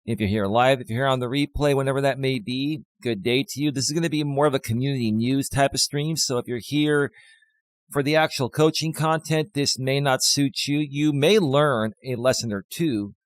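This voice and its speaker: A man hosts a live coaching stream while fighting a cold, a little out of breath. He is mid-pitched and emphatic, repeating his key points slowly. His voice is close and dry, with no room sound. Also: dry recording. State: has a cold, a bit out of breath.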